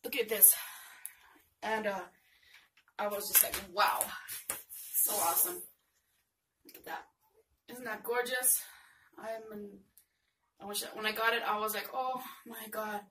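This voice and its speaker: Bright-voiced older woman, gushing and slangy. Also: mid-range voice. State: voice a bit off, hoarse. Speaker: vlogger. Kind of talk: casual vlog chat. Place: home, indoors. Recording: mic at a distance, faint noise.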